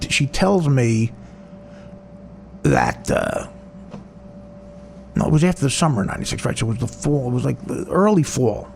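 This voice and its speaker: A man's voice: fairly high pitch, creaky, a little hiss or hum. A man with a New Jersey accent, a comedian telling a personal story in a rambling, profane, self-mocking way.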